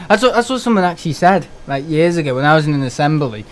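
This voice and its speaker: Guy on a live stream, rambly and jokey, laughs a lot, swears, slightly higher voice. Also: quick pace. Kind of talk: casual live-stream chat.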